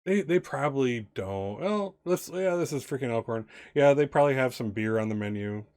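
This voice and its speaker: A man narrating as game master of a tabletop game, halting and often laughing. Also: mid-range voice, lively intonation, darkish tone, dry recording, clean studio sound. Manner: laughing, halting, many fillers.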